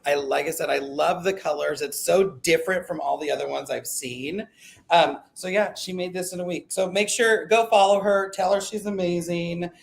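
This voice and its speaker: A man hosting a casual live stream chat, talking in an excitable, rambling way and often breaking off mid-sentence. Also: high-pitched, moderate pace, creaky. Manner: chatty, excitable, self-interrupting. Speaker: livestream host.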